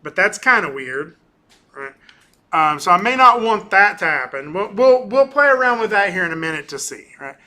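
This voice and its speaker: Guy teaching an animation class, kinda high voice, keeps saying right? and um. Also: big pitch swings, normal speed, bright, forceful tone. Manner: casual, talkative, keeps tagging on "right?"; frequent ums and restarts. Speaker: animation instructor. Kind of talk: recorded class lecture with screen demo.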